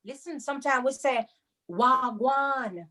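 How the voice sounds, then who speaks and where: A woman telling stories and teaching patois to children over a video call, with dramatic delivery. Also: mid-range voice. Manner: animated, dramatic, drawn-out delivery. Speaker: guest storyteller. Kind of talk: storytelling and teaching patois to kids.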